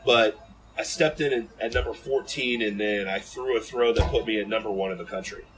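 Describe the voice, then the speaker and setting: Low-voiced man telling a story. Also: brisk, slight background noise, low-quality recording. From Ohio, USA. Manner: animated, rambling, lots of fillers and restarts. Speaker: podcast guest. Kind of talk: casual storytelling in an interview.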